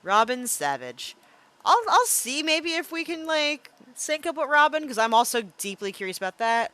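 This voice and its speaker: A young woman streaming a game, chatting playfully and thinking out loud with plenty of fillers. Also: sits high, sing-song, normal speed. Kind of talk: casual live-stream game commentary.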